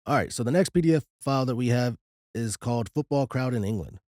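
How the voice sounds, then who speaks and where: A man with a mid-pitched, mellow voice co-hosts a podcast in casual chat. He reads documents aloud in a relaxed, unhurried way. The recording is dry and close. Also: dry recording. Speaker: podcast co-host.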